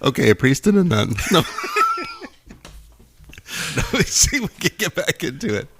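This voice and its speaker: A man co-hosting a podcast in casual chat, telling jokes with lots of laughter and loud punchlines into a close mic. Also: fairly high pitch, unhurried. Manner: animated, laughs often, shouts punchlines. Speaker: podcast co-host. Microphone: close studio mic.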